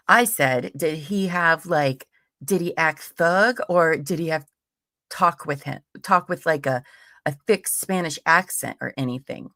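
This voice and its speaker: Woman, low gravelly voice, casual profane live commentary, dry close sound. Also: measured pace, fairly bright tone, no echo. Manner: casual, profane, laughing asides. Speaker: true crime livestream host. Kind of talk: live commentary, reading transcript aloud. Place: home streaming setup.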